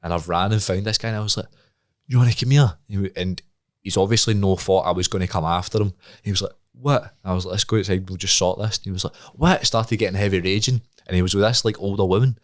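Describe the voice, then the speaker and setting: Scottish lad with a low voice telling a story on a podcast, laughing, acts out the lines. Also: male voice, quick pace, no room sound, studio quality. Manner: laughing, lively storyteller who acts out the dialogue. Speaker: podcast guest. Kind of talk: casual chat, telling a story.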